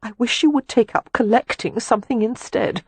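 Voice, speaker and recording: Picture a shy, mortified young lady, her voice pitched high and breathless as she speaks timidly, brought to life by a woman narrator. The tone is airy and husky, recorded close and dry. It reads like a storybook romance heroine. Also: moderate pace, dry recording. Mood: timid embarrassed. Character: timid flustered young woman, a prim companion.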